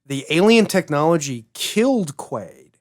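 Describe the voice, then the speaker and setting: A man co-hosting a movie podcast who gets enthusiastic laying out his plot theories. His voice sits a bit high for a man, and he talks in long, eager runs. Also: big pitch swings, a little slow. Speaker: podcast co-host. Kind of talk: casual movie review chat.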